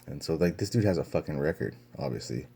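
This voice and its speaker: A man's voice: a bass voice, lively intonation, fast talker, creaky, warm tone, a little hiss or hum. A young man telling a story to his vlog camera in a casual, profane way, with lots of fillers and restarts. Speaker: vlogger.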